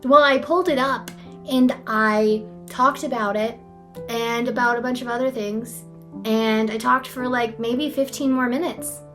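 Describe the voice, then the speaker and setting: A woman's voice: fairly high pitch, fairly even intonation, measured pace, fairly bright tone, soft background music. Rambling young woman vlogger. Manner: rambling, self-deprecating, lots of "like". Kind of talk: casual talking-head vlog.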